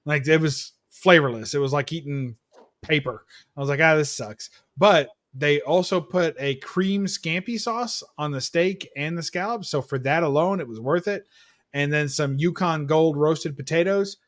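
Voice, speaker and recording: A man chatting on a casual online hangout, his voice pitched slightly above average. He rambles from one detail to the next with relaxed fillers. It sounds like a home microphone on a video call. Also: moderate pace. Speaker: panel guest. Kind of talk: casual chat.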